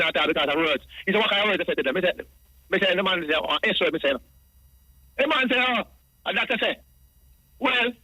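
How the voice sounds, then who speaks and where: This radio caller is a Jamaican man who races through his story in patois, his voice high, bright and sharp. He rambles and keeps coming back to the same points. The phone audio is low quality, dry and close.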